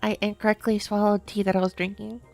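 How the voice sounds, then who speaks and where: Woman streamer just chatting, giggly and rambly, keeps restarting sentences, mid-pitch voice, soft music behind. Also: flat delivery, quick pace, vocal fry. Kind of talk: casual live-stream chat.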